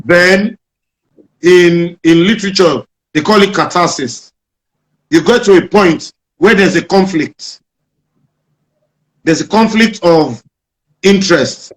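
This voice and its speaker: Animated Nigerian comedian, high male voice. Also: takes it slowly, long pauses, rough recording. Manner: animated storyteller, acts out jokes. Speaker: comedian guest. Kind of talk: interview storytelling.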